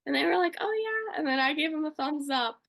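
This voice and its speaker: A woman's voice: high voice, steady tone, fast talker, creaky, a bit bright. A young woman co-hosting a podcast, telling a story casually and gushing, with lots of fillers. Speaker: podcast co-host.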